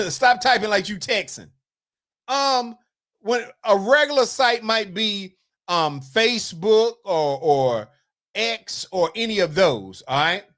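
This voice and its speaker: A livestream host from the Carolinas, reading out viewer comments and answering them in a loose, chatty way. The talk is playful and teasing, with mock scolding aimed at the chat, at a middling pitch. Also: lively intonation, takes it slowly, fairly bright tone. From North Carolina, US South.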